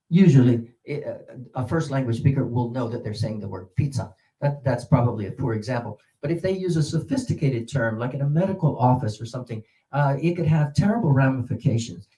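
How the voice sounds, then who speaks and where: Speaking to English teachers at a workshop on word stress, a man with a dark tone talks haltingly, full of "uh" fillers and restarts. To model stressed syllables, he swoops his pitch upward.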